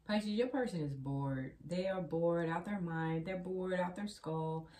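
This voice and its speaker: Chatty woman tarot reader, lowish voice. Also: measured pace, dark tone. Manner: chatty, repeats phrases, addresses the viewer directly. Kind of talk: casual tarot reading to camera.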